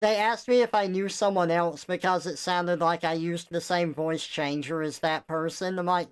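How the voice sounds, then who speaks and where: A woman with a Southern US accent chats casually with her stream audience, taking her time over each thought. Her words come out a little mumbled and soft. Her voice sits on the low side and has a smooth, clean tone. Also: steady tone, unhurried. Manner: slightly mumbled, soft pronunciation. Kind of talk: casual live-stream chat.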